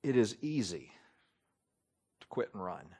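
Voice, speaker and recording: A man preaching a sermon, emphatic, swinging between loud declarations and hushed asides. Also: fairly low pitch, sing-song, a little slow, slightly rough.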